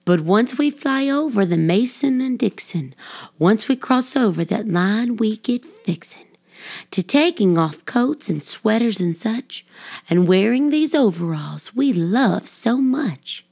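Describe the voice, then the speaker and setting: Woman reading a cheerful small male elf with a drawl, storybook, unhurried. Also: on the high side, lively intonation, vocal fry, darkish tone, heavily acted.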